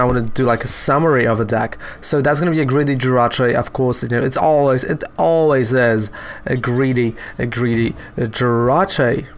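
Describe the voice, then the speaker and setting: A man giving casual, joking commentary while playing an online card game, often adding "right?" and "you know". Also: mid-range voice. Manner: chatty, peppers talk with "right?" and "you know"; joking, self-mocking asides.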